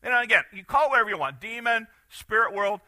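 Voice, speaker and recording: A man preaching a sermon as pastor, animated, swinging from loud bursts to quiet asides. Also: high voice, fast talker, dry recording.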